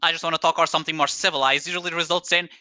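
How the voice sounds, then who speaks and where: Bright, higher-voiced joking man. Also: fairly even intonation, very fast, dry recording. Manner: joking, laughs mid-sentence. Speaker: tabletop game player. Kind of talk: casual post-game chat.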